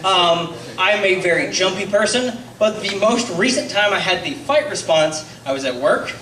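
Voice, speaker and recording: A man's voice: sits high, moderate pace. Young guy doing stand-up, lots of ums, kinda distant mic in an echoey club. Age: 20s. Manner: hesitant, awkward, self-deprecating delivery with many ums. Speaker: stand-up comedian and host. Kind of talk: stand-up comedy set. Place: comedy club stage. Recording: roomy club sound, mic heard from a distance, loud crowd laughter. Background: audience laughing.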